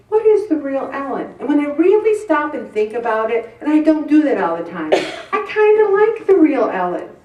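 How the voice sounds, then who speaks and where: A woman's voice: a little high, darkish tone, far from the mic. Candid woman speaking in a roomy hall. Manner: candid and self-deprecating, with playful asides. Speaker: motivational speaker. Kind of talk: faith-based talk to a live audience. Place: event hall with an audience. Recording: roomy sound picked up from afar.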